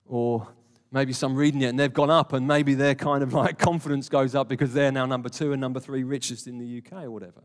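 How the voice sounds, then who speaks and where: A man with a mid-range voice and steady tone preaches a sermon in a church hall, talking fast with few pauses. He speaks in an earnest, conversational way and puts questions to the congregation. The recording carries a long hall reverb.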